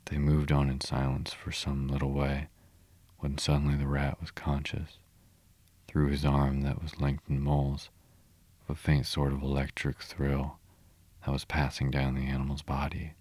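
A man reading a storybook aloud in a steady, measured way. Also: rumbling low, dry recording. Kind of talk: reading a children's classic aloud.

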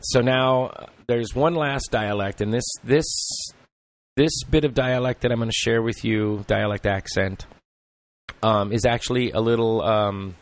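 A man's voice: lowish voice, creaky, no echo. A man hosting a podcast in casual chat, rambling and reflective with many ums and uhs. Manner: rambling, filler-heavy and reflective. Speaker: podcast host.

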